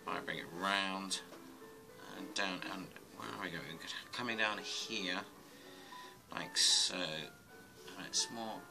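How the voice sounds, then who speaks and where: A low, gravelly man talks himself through a casual drawing tutorial, muttering half to himself as he sketches. Music plays clearly underneath his voice. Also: slow pace, poor audio. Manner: mutters to himself while working, rambling.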